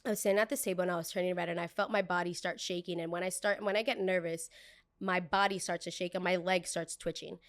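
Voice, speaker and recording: A young woman hosting a podcast, telling a story in a casual, animated way. She acts out the dialogue and speaks bluntly, with some swearing. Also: lowish voice, quick pace. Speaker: podcast host.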